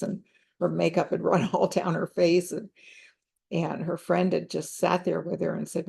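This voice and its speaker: A woman's voice: deep voice, creaky, a little mellow, breathy edge. An older woman counselor telling a story from her practice in a reflective, conversational way. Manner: reflective, unhurried, conversational with fillers. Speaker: counselor and teacher. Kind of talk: storytelling talk.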